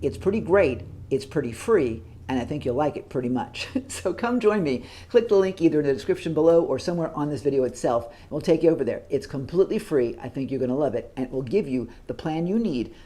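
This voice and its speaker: Upbeat man pitching to viewers. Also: lively intonation, fast, few pauses, mellow. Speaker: host. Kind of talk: promotional outro.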